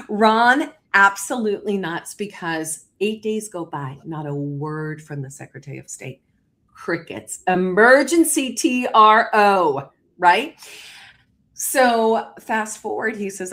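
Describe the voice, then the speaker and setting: A woman hosts a livestream on a video call, telling the story at a quick and lively pace. She acts out what people said in quoted exchanges. Her voice sits a little low for a woman. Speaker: livestream host. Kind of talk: political livestream talk.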